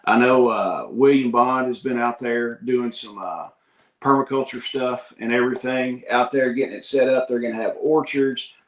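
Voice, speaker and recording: A man's voice: mid-range voice, moderate pace, reverberant, rough recording. A man telling a story casually, folksy and earnest, often saying "I was like".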